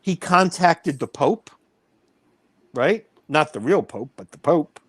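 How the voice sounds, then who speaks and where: A man's voice: on the high side, animated, slow pace, slightly rough, dry recording. A man in his fifties, a wrestling promoter, telling a heated story in a blunt, boastful way. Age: 50s. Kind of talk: casual storytelling.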